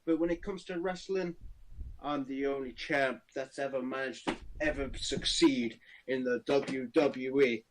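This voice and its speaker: A man's voice: medium pitch, steady tone, measured pace, background noise, lightly acted. A man putting on an arrogant male wrestling champion with a put-on Indian accent, boasting and insulting.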